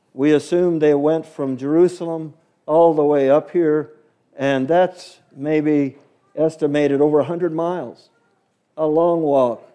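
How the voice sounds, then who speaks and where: Man, Bible teacher, children's story lesson, chatty questions, mellow voice. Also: a little high, clean tone. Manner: asks the listeners questions, chatty.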